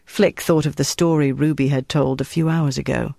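A narrator reads a novel with a measured, even delivery. The voice is gravelly and close, recorded dry with no room sound. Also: mid-range voice, no room sound. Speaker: audiobook narrator. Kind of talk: scripted narration.

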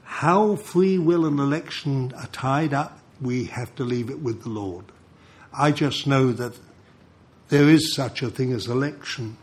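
An older man preaching a sermon, telling stories in an animated way and chuckling between points. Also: medium pitch, unhurried. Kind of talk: sermon with storytelling.

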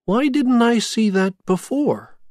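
Narrator doing quiet, earnest Jack. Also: mid-range voice, expressive, takes it slowly, no room sound, studio quality, voice pushed up. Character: gentle gloomy skeleton man Jack.

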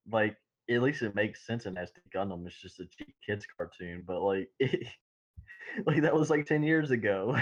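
A man with a fairly low voice talks casually on a podcast, telling long rambling stories with bursts of laughter. The recording is dull and lo-fi, with the top end rolled off. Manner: rambling, animated storytelling with laughs. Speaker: podcast co-host. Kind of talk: casual chat.

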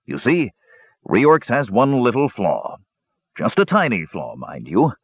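A man plays a boastful old dwarf in a storybook, gruff and rambling, with a voice that swings from a mumble to a roar. His telling leaps up and down in pitch on a dull, dry recording. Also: wildly swooping pitch, a little slow, no echo, exaggerated voice. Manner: roaring, sighing, mumbling.

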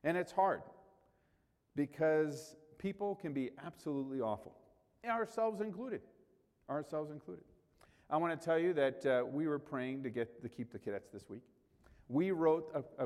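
A man's voice: medium pitch, normal speed, a little mellow, big-room sound. A male pastor preaching a sermon in a conversational way, rising sharply for emphasis.

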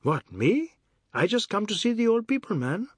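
A man's voice: high voice, big pitch swings, moderate pace, breathy edge, no room sound, voice pushed up, exaggerated voice. An actor voicing a defensive man who protests his innocence and answers with dry teasing. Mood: protesting.

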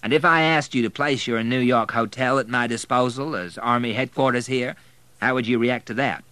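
A man reading aloud, voicing an energetic, commanding male American army general in a raised voice. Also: mid-range voice, moderate pace, clean tone, no room sound, pitched above the performer's own voice, natural voice.

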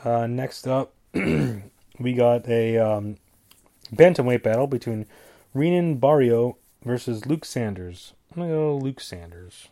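A man's voice: medium pitch, lively intonation, slow pace, mellow. A man with a stuffy nose hosting a casual solo show, rambling through picks with jokey asides and stumbling over names. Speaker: podcast host giving fight picks.

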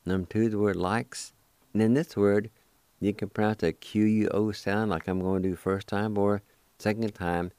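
A deep, mellow-voiced man teaches words slowly, breaking each into syllables and repeating them patiently. He sounds reassuring and unhurried. The sound is dry and close, like a small studio. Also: no room sound. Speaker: radio host teaching language. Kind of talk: slow word-by-word pronunciation lesson.

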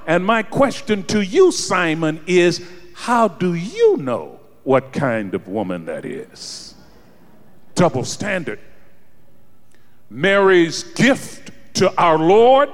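A male preacher with a high-pitched, animated voice who speaks slowly and deliberately. He swings from hushed lows to shouted climaxes. His words ring out with a long reverb, as if in a large hall. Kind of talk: sermon.

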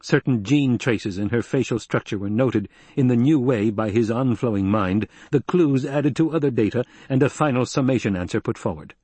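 Husky male audiobook narrator. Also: mid-range voice, normal speed, hardly any pauses, a little mellow, no room sound.

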